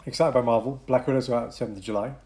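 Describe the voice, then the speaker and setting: A man co-hosting a casual podcast chat, animated, swinging between loud bursts and quieter asides. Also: mid-range voice, fast. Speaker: podcast co-host.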